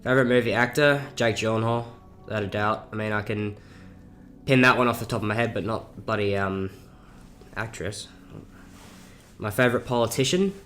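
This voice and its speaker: Aussie teen bloke from south australia, kinda low voice, rambly and swears a lot, bit of music behind. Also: male voice, fairly even intonation, moderate pace, fairly bright tone. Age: teens. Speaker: YouTuber. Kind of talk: casual Q&A vlog.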